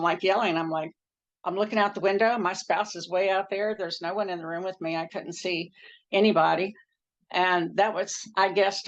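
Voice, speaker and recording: Woman, low gravelly voice, earnest personal storyteller; dull lo-fi recording. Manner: earnest, acts out quoted speech with pitch jumps. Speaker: near-death experience storyteller.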